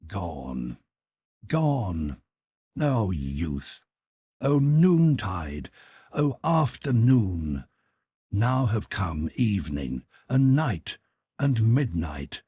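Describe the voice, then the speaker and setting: A man giving a dramatic, declamatory audiobook reading, slowing down and sometimes dropping into a whisper. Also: fairly low pitch, big pitch swings, warm tone, breathy edge, no echo. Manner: slow, declamatory delivery with dips into whispers. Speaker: audiobook narrator.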